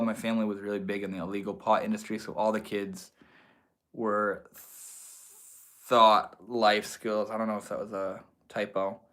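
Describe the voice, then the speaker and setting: A man from Maine hosts a casual livestream, reading chat comments and answering them in a laid-back, slangy way, calling viewers "homie" and "bro." His voice is lowish and bright, with a forceful tone.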